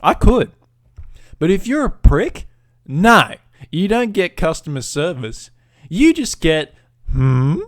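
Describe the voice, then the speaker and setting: A man's voice: fairly high pitch, sing-song, slow pace, no room sound. A man rants into his podcast mic, swearing freely and talking with swagger. His tone is mocking and self-assured, like someone telling a customer story he enjoys. The sound is close and dry, with almost no room around it. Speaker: podcast host. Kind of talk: profane storytelling rant.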